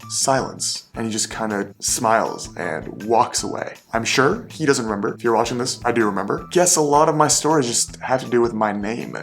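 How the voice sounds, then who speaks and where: A man's voice: medium pitch, lively intonation, normal speed, creaky, hardly any pauses, soft background music. A young man in his twenties, a vlogger telling self-deprecating career anecdotes in a casual way. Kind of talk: casual storytelling.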